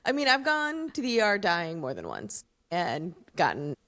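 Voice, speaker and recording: A woman co-hosting a podcast in loose, casual chat. Her pitch swings widely as she talks, and she laughs often and speaks with lots of animation. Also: wildly swooping pitch, moderate pace, fairly bright tone. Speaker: podcast co-host.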